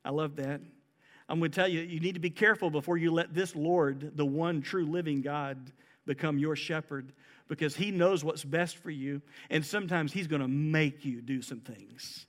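A man's voice: fairly high pitch, moderate pace. A man. He quotes scripture and builds to emphatic, rising declarations. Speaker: pastor. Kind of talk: sermon.

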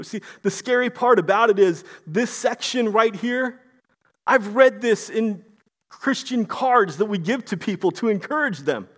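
Impassioned male preacher, high-pitched, rhetorical. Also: expressive, unhurried, a bit bright. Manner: impassioned, rhetorical, repeats himself. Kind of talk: sermon.

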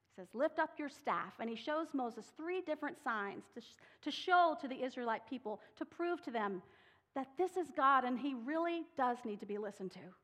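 A woman's voice: high voice, expressive, normal speed, fairly bright tone. A woman preaching a sermon, reading scripture dramatically and voicing the people she quotes with rising intensity. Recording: long hall reverb.

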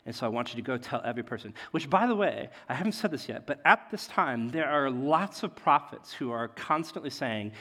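A man preaching a sermon as a pastor, in a conversational way, often checking in with "right?" and swinging between loud emphasis and quiet asides. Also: medium pitch, expressive, a little fast, hardly any pauses. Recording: long hall reverb.

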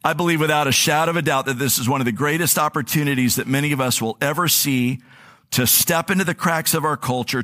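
A man's voice: medium pitch, a bit bright. A male pastor giving a conversational sermon. He tells personal stories in an earnest way. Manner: earnest, storytelling, anecdotal.

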